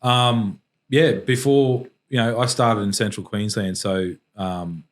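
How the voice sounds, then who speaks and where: A middle-aged Australian man with a fairly low voice speaks as a podcast guest. He tells his story slowly and reflectively, pausing and restarting as he searches for words. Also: steady tone. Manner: halting and reflective, frequent restarts. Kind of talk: emotional personal storytelling.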